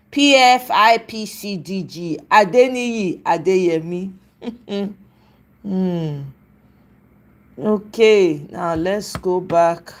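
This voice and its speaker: Slow-talking Nigerian woman host. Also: medium pitch. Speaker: channel host. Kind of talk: casual commentary.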